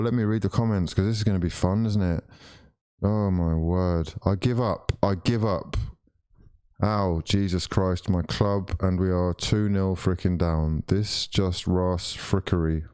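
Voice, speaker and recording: A young man ranting and swearing as he streams a live football watchalong, exasperated at his team. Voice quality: lively swings of pitch and loudness.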